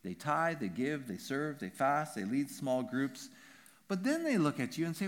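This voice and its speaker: His voice on the high side, a pastor preaches animatedly and with emphasis, regularly checking in with his listeners through brief "right?" asides.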